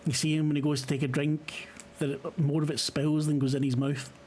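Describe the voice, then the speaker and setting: A Scottish man running a tabletop horror game as game master, narrating in a halting way, full of fillers and the odd swear. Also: fairly high pitch, little pitch movement, a little mellow, a little hiss or hum.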